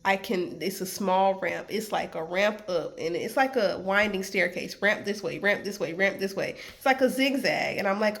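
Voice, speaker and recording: A woman's voice: medium pitch, normal speed, hardly any pauses. A woman vlogging about her trip, telling a story in a casual way and acting out the people she talks to. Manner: animated retelling, acts out quoted exchanges. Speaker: travel vlogger.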